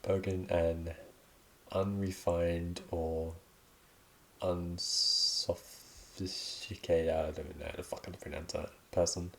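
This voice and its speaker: A man's voice: deep voice, level tone, slow, creaky, a bit bright. A young Australian man hosting a casual solo podcast, reading out slang with offhand, sweary remarks and the odd laugh. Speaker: podcast host.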